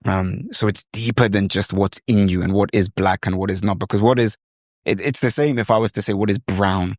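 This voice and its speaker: A man's voice: on the low side, steady tone, fairly quick, darkish tone, dry recording, studio quality. A man hosting a podcast in conversation, thoughtful and searching for words with frequent fillers.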